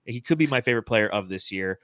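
A man's voice: lowish voice, lively intonation, a bit bright, no echo. A man co-hosting a casual sports podcast, joking and laughing as he talks. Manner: laughing, joking, quick asides. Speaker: podcast co-host. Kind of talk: casual chat.

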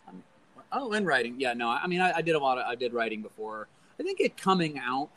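A man's voice: mid-range voice, sing-song, fast talker, a bit bright, rough recording. Young male podcast guest, easygoing, mid-range voice, rambly storyteller. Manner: laid-back, rambling, laughs often. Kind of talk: casual chat.

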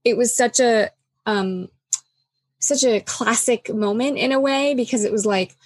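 A woman's voice: on the high side, unhurried, breathy edge, no room sound. Candid woman talking through feelings, dry sound. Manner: reflective and candid, filler-heavy, acts out quoted dialogue. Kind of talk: casual conversation.

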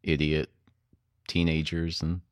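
A man's voice: rumbling low, completely flat delivery, slow, clean tone, no room sound, studio quality. A man co-hosting a podcast in casual movie chat, laid-back and laughing along. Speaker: podcast co-host.

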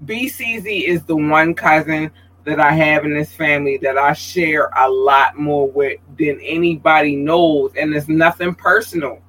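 A man in a relaxed livestream podcast chats straight to his audience and reads out their comments as they come in. His voice is husky and sits fairly high, and it shoots up into excited peaks before settling back into easy talk. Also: a little slow, low-quality recording. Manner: expressive and chatty, voice jumping up high when excited. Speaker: podcast host. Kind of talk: casual livestream podcast chat.

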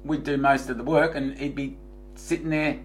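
A man co-hosting a casual podcast, telling stories in a lively, rambling way. His voice sits at an ordinary middle pitch. The room rings with echo, and a faint hum runs underneath. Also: normal speed. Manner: animated, rambling storyteller. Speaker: podcast co-host. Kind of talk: casual banter.

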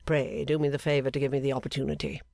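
A man voicing an airy, cynical gentleman painter who talks with breezy enthusiasm. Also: mid-range voice, flat delivery, fast talker, gravelly, no echo, studio quality, natural voice.

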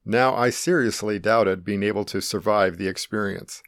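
Man, middle-aged, low voice, dry close sound, earnest reflective testimony narration. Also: moderate pace, creaky, fairly bright tone, dry recording. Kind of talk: first-person testimony narration.

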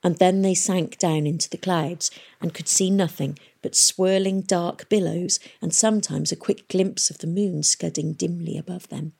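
A woman narrating an audiobook in a steady storytelling manner. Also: lowish voice, moderate pace, gravelly, hardly any pauses, breathy edge.

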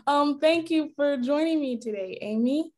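Higher-voiced friendly podcast host woman. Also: normal speed, darkish tone. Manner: friendly, polite, some filler ums. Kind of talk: podcast interview.

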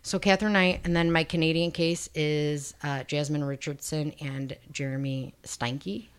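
Chatty podcast woman, low voice, laughs a lot, swears casually. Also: steady tone, normal speed, clean tone. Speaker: podcast co-host. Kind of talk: casual chat.

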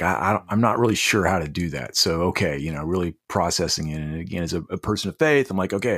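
Low, husky man telling earnest stories. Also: a bit bright, no room sound, clean studio sound. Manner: earnest, halting, with many restarts. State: emotional. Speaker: podcast guest. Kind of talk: reflective storytelling.

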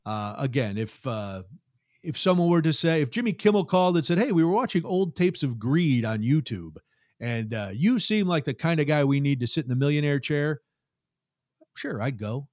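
A man's voice: fairly high pitch, sing-song, normal speed, darkish tone, dry recording. Wry man in a dry, close recording. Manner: dry, self-mocking humor. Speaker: podcast guest, comedian and radio host. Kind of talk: casual interview chat.

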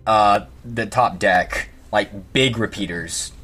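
A man running a tabletop game as game master, describing the scene in a relaxed, rambling way with many fillers. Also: fairly low pitch, slow pace, slightly rough.

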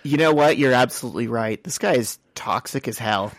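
A man co-hosts a podcast, walking through a comic's plot scene by scene in an easygoing, chatty way. His voice sits at an ordinary middle pitch. The sound is close and dry. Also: no room sound. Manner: brisk storytelling, retells scenes step by step. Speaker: podcast co-host. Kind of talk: casual comic book recap.

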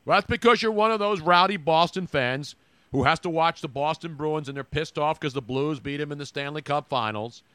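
A man's voice: fairly high pitch, fairly quick, bright, forceful tone, smooth, dry recording. A man co-hosting a sports podcast, joking and rambling in casual chat. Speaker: podcast co-host.

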